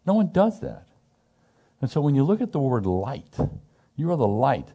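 Teaching scripture to his group, a middle-aged man uses a medium-pitched, very animated voice that is mellow yet slightly rough, at a moderate pace. He keeps things loose and emphatic, poses questions, and keeps restarting and repeating himself.

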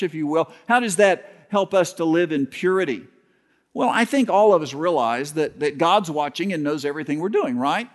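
A man who is a pastor, preaching a sermon with folksy storytelling, humor, and some halting restarts. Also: on the high side. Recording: long hall reverb.

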